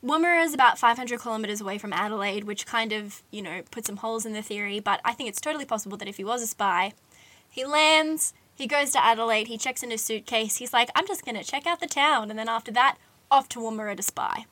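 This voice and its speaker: A woman's voice: fairly high pitch, fast, fairly bright tone. A young woman, casually telling a true-crime story on a podcast, chatty with lots of "like"s and giggly asides. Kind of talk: casual chat.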